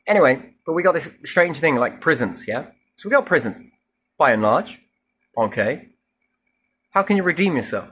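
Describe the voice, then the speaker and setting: A man's voice: fairly high pitch, sing-song, moderate pace, pauses often, a bit bright, slightly rough. A man rambling through a spiritual monologue, musing and asking himself questions, with casual swearing. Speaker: speaker musing on faith.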